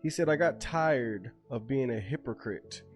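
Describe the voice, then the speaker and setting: Solemn man preaching over soft guitar. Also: mid-range voice, animated, a little slow. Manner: solemn, exhorting. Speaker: faith commentator. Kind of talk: preaching commentary over music. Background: soft guitar music.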